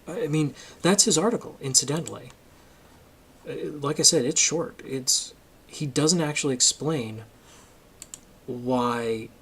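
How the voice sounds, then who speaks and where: A man at a middle pitch delivers a casual opinion monologue for his channel. He argues emphatically and gets worked up, and a faint background noise sits under his voice. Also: fairly bright tone. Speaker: political commentary vlogger.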